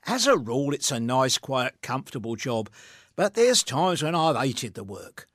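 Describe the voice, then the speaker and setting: A man's voice: medium pitch, very animated, normal speed, fairly bright tone, no echo, clean studio sound. A man reciting a comic verse monologue as a grumbling street watchman, in a rhythmic, rueful manner. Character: grumbling working-class street watchman telling his tale.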